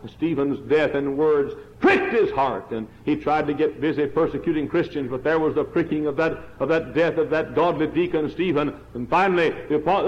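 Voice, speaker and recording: A middle-aged man preaching a revival sermon, hammering one question over and over and climbing to loud peaks. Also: on the high side. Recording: dull lo-fi church recording.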